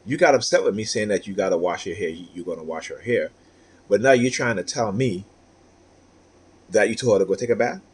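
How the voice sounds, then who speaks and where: Husky aggrieved man venting. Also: on the low side, lively intonation, a little fast. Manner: aggrieved, repetitive, rhetorical "right?" asides. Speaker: vlogger. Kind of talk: personal monologue.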